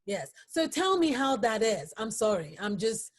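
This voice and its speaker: A woman's voice: a little high, sing-song. Emotional woman talk show host. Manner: halting, emotional, laughs often, many fillers. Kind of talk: emotional interview.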